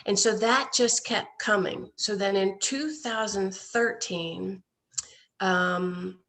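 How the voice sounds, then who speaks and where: A woman's voice: medium pitch, steady tone, takes it slowly, fairly bright tone. A woman guest in an online interview, earnestly telling how her care-package effort grew, often quoting others. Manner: earnest, storytelling with quoted voices. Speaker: guest, nonprofit founder. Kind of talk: casual interview storytelling. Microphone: video call.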